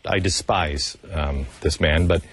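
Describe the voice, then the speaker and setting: A man's voice: sits low, steady tone, measured pace, a crowd in the background. A male radio host interviewing a guest, talking emphatically and stumbling over restarts.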